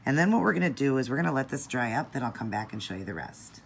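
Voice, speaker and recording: A woman calmly talking viewers through a nail art tutorial step by step, in a patient, instructive way. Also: quick pace, gravelly, slight background noise. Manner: patient, instructive, low-key.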